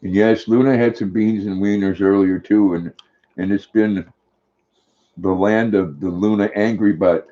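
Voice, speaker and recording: A man's voice: lowish voice, fairly even intonation, a little slow, dark tone, highs cut off. An older man hosting a casual live stream, chatting affectionately and talking sweetly to his dog.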